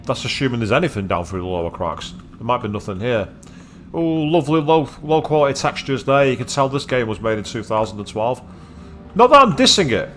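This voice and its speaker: A man's voice: medium pitch, lively intonation, brisk, fairly bright tone, soft background music. A man from Manchester, casually commenting while streaming a game, with chatty, wry asides. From Manchester, England. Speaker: let's play streamer.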